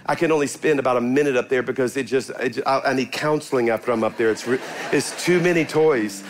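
A man's voice: medium pitch, fast, slight background noise. An older man preaching a sermon as a pastor, telling family stories and leading a prayer. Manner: animated storytelling, rising to forceful preaching then quiet prayer. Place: church sanctuary.

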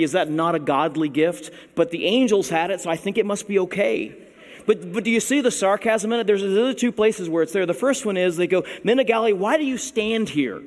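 A pastor preaches his sermon in a wry, conversational way, stressing words with playful emphasis, and his voice sits a little high for a man. The long reverb of a large hall colors the sound.

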